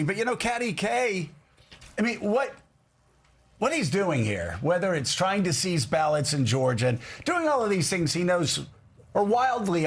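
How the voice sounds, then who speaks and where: A man's voice: high voice, breathy edge. A male television host giving incredulous, mocking political commentary.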